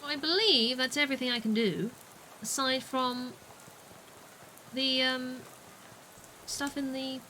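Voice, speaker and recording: A woman's voice: high-pitched, measured pace, long pauses, sharp tone, soft background music, low-quality recording. A woman chatting playfully through a video game on a livestream, muttering to herself and playing with words. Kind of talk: gaming livestream commentary.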